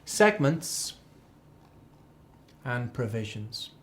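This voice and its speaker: A man's voice: mid-range voice, sing-song, extremely slow. A man teaching an accounting exam class, chatty and repeating key phrases as a drill. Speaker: accounting tutor. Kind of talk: live exam tuition lecture.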